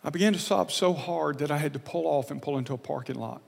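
A man preaching a sermon, telling a personal story in an earnest, confessional way, often halting and repeating words. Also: on the high side, gravelly, husky, in a large hall.

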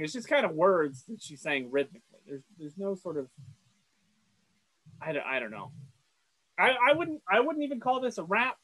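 A man's voice: fairly high pitch, sing-song, normal speed, pushed and bright, dry recording, poor audio. A man co-hosting a casual podcast, recapping a cartoon episode in a rambling, stammering way. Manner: rambling, stammering, self-deprecating. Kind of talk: casual chat.

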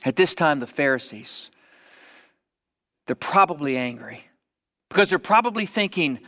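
A man preaching a sermon as vivid storytelling, dropping at times to hushed whispers. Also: a little high, animated, moderate pace, pauses often. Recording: long reverb of a large hall.

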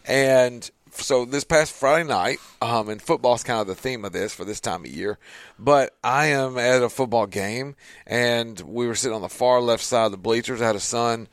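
Man, 30s, casual storytelling, animated delivery, dry recording. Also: medium pitch, normal speed, no room sound. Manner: animated, with voiced quotes. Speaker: podcast host.

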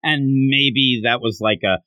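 A man co-hosting a casual podcast discussion, breaking into quick acted-out character lines as he talks. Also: medium pitch, no room sound, highs cut off. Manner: animated, acts out characters' lines in quick bursts. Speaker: podcast co-host.

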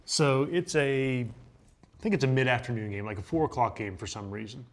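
A young adult man, a baseball pitcher and guest, telling an animated anecdote in a casual interview. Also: brisk. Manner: animated, laughing anecdote teller.

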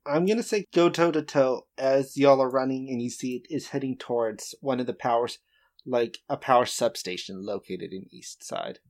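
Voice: medium pitch, normal speed, darkish tone. Laid-back tabletop game master. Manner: laid-back, explains rules with hesitations. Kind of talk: running a tabletop game, casual.

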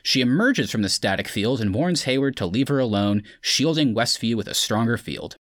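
A man's voice: medium pitch, expressive, moderate pace, no room sound, studio quality. A man hosting a casual podcast, recapping an episode and chatting loosely with friends. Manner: recaps plot then chats loosely with friends. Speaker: podcast host.

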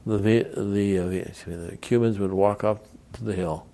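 Old vet guy, really low gravelly voice, rambling war stories, does the voices of people he quotes. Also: steady tone, normal speed, mellow. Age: older. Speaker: veteran interviewee. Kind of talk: oral history storytelling.

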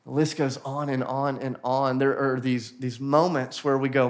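A man preaching a sermon to a church congregation, earnest and building to animated emphasis, with quick acted-out asides. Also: medium pitch. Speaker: pastor. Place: church auditorium.

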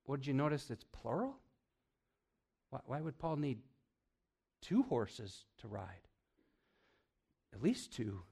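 A pastor preaching a sermon in a church, full of energy, swinging between loud emphasis and hushed asides while quizzing his congregation. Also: mid-range voice, very animated, slow, gravelly, pauses often, breathy edge. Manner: asks the congregation questions, chuckles often.

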